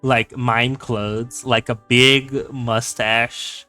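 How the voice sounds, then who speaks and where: A man's voice: mid-range voice, little pitch movement, extremely slow, sharp tone, soft background music. A man from Brazil whose first language is Portuguese, a podcast host in casual chat who laughs a lot and restarts his sentences. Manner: laughs often, trailing restarts.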